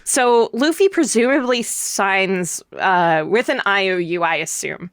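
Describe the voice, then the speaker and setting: A woman's voice: mid-range voice, expressive, a little slow, clean tone, no echo, clean studio sound. A woman from Britain, co-hosting a podcast and recapping an episode in casual chat, laughing often and saying um a lot. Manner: giggly, lots of ums. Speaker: podcast co-host.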